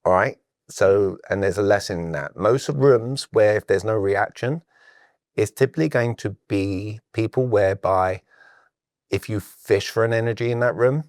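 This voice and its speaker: A man's voice: fairly low pitch, normal speed, dry recording, studio quality. A middle-aged British man with a British accent, a sales coach who talks as a podcast guest and acts out the conversations he recalls. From Britain. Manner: animated storyteller who acts out quoted exchanges.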